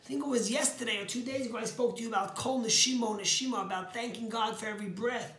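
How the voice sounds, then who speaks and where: Earnest rabbi preaching in an echoey room. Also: male voice, very high-pitched, quick pace, sharp tone. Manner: earnest storytelling, emphatic on key words. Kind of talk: short inspirational sermon.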